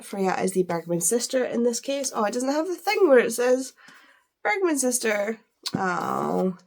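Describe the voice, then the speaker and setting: A woman's voice: fairly high pitch, a little mellow. A woman chatting casually while unboxing books, gushing, with lots of fillers. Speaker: book vlogger.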